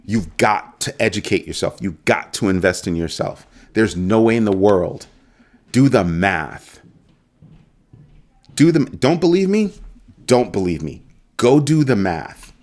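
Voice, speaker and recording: Hosting a crypto show, a middle-aged man from New York chats casually with his viewers, emphatic and driving points home through repetition. He speaks unhurriedly in a fairly low, slightly mellow voice with big swings in pitch.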